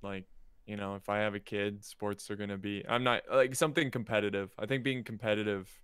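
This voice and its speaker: A man's voice: lowish voice, steady tone, fairly quick, fairly bright tone, clean tone, no echo, clean studio sound. A man as a podcast guest, talking casually about sports and his YouTube channel, often trailing off. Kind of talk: casual chat.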